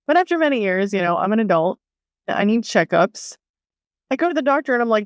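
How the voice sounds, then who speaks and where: A young woman telling a personal story to her vlog audience in a casual, animated way, swearing freely and acting out what others said. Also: medium pitch, brisk, smooth, no echo, clean studio sound. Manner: animated, swears freely, acts out quoted voices. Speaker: vlogger.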